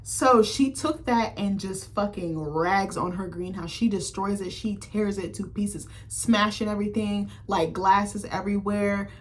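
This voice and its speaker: Woman, film critic vlogger, casual recap, profane, filler-heavy, mid-range pitch. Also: fairly even intonation, a little slow, hardly any pauses.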